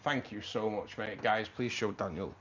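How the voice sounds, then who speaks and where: A man's voice: fairly low pitch, moderate pace, a bit bright, highs cut off, a little hiss or hum. A man hosting a casual livestream, chatting with viewers, calling them mate and reading out the chat, his voice a little tired. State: voice tiring. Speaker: livestream host. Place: home room.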